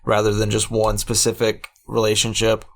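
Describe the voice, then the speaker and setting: A man with a lowish voice co-hosting a casual podcast about a movie. He hesitates often, restarts and repeats himself as he works through his thoughts. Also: completely flat delivery, normal speed. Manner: hesitant, stumbles over words, repeats himself. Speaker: podcast co-host. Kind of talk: casual movie-review chat.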